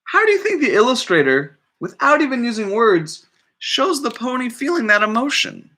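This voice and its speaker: A man's voice: very high voice, very animated, moderate pace, bright, forceful tone. A man working as a librarian, reading a picture book aloud to children in a chatty way and asking listeners questions.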